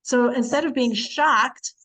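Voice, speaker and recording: A woman teaching the weekly Torah portion in a chatty, animated way, acting out quotes and using many fillers. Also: a little high, a little slow, poor audio.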